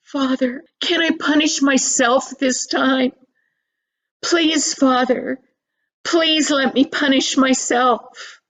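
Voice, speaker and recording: A woman's voice: sits high, steady tone, takes it slowly, fairly bright tone. An older woman voicing a guilt-stricken young boy, tearful and pleading, breaking into sobs.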